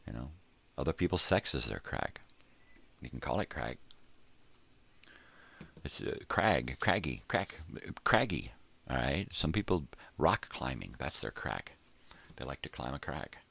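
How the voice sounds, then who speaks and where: A man's voice: rumbling low, sing-song, measured pace, gravelly, long pauses, fairly bright tone, slightly rough. An older man hosting a rambling, laid-back morning monologue, talking in a casual, profane way from a home room crammed with tapes and records. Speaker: host.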